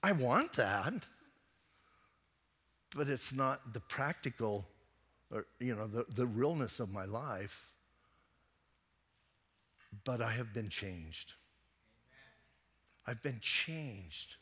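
Preaching slowly with long pauses, a pastor with a medium-pitched, slightly rough voice and lively intonation shares a personal story in a conversational sermon. He swings between emphatic and hushed moments, and a long reverb tail trails his words.

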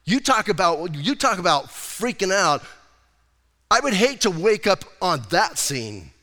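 Bright-voiced pastor preaching in a hall. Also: male voice, high voice, unhurried. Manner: casual, animated preaching with acted-out quotes. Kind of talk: sermon. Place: church sanctuary.

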